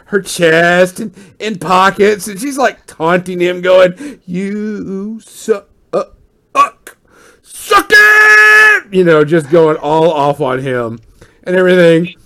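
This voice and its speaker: A man running a tabletop game as game master, narrating in a lively, excitable way and often laughing. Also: high voice, moderate pace.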